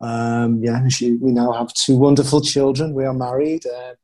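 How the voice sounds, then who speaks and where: A man's voice: medium pitch, level tone, moderate pace, darkish tone. A man in his forties from Liverpool with a Scouse accent, chatting as a podcast guest, self-deprecating and full of fillers. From Liverpool, England. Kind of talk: casual interview chat.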